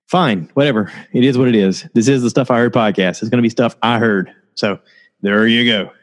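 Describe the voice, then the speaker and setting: A podcast host talks alone on a casual show, telling rambling stories and laughing often. He sounds tired and low on energy, though his medium-pitched voice moves briskly.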